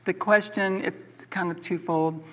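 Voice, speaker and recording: A middle-aged woman leads a church Bible study, telling her story with earnest animation. She often stumbles and repeats words. Her voice sits a little low for a woman. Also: steady tone, measured pace. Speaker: church teacher.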